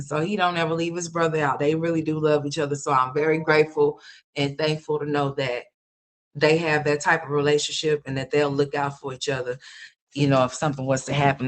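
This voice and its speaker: A woman's voice: low-pitched, fairly bright tone. A mother hosting a casual livestream, telling a long story to her viewers in a rambling, repetitive way and calling them y'all and honey.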